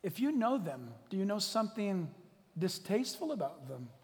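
A man preaching a sermon to his church, animated and joking, swinging between loud declarations and hushed asides. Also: sits high, normal speed, big-room sound. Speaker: pastor. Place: church hall.

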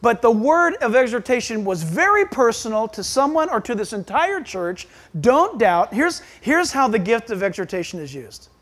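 A man preaching a sermon as pastor, emphatic and animated, acting out quoted voices. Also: very high voice, moderate pace, hardly any pauses.

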